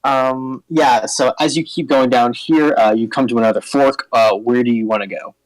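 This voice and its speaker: A man's voice: mid-range voice, steady tone, normal speed, no echo, poor audio. Guy game-mastering a tabletop session, lots of ums, dry close mic. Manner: hesitant, many fillers.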